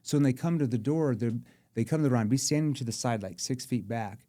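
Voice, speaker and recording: Man, sales trainer type, lively and demonstrative, mid pitch, dry close-miked sound. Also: fast talker, no room sound. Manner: demonstrative, acts out tones of voice. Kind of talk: animated instructional chat.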